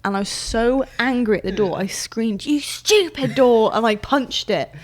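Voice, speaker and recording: A woman's voice: mid-range voice, normal speed. A woman co-hosting a podcast in casual chat, telling stories with plenty of laughter and acting out what she said back then. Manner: animated storyteller, laughs often, acts out her own past lines. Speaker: podcast co-host.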